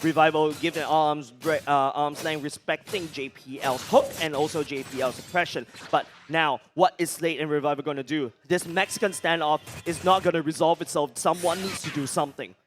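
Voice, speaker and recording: A man with a Singaporean English accent calling a mobile game match, shouting with excitement during the fights. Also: on the high side, moderate pace, few pauses, faint music behind. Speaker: esports caster. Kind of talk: play-by-play commentary.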